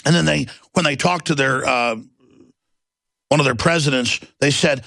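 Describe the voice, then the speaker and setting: Gravelly ranting male talk host. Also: medium pitch, moderate pace, sharp tone, no echo. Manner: impassioned, rambling, theatrical. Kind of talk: ranting monologue.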